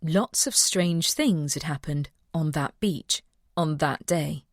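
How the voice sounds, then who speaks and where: Low-voiced woman narrating an audiobook. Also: takes it slowly, no room sound, clean studio sound. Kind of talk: scripted narration.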